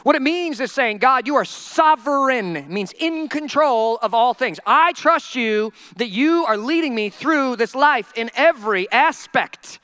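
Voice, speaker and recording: A male pastor preaching a sermon in a humorous, animated storytelling way. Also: very high voice, measured pace, hardly any pauses, smooth, dry recording, studio quality.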